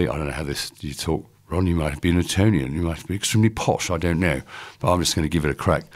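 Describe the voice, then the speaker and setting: A man's voice: a bass voice, fast talker. A man working as a radio DJ, presenting casually in a chatty, rambling way with lots of fillers.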